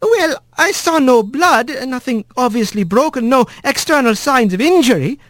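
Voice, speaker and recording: A man voicing a brisk, kindly female wren nurse in a storybook, speaking in a prim, earnest and precise way. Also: extremely high pitch, animated, a bit bright, no echo, pitched above the performer's own voice.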